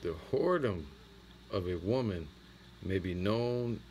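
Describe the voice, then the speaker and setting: A man teaching an impromptu scripture lesson, reading verses slowly and then commenting in loose, slangy talk. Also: sits low, animated, darkish tone, a little hiss or hum. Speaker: teacher of a religious camp.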